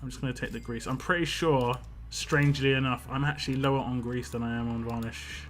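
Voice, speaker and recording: A British man live-streams a mobile game, chatting casually and rambling as he reads viewer comments aloud. His voice is medium-pitched and steady, a little fast, with soft music in the background.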